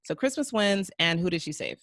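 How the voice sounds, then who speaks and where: Low-voiced woman recapping with animation. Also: fairly quick, dry recording, studio quality. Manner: animated, acts out quotes with big pitch jumps. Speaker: podcast co-host. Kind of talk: casual recap chat.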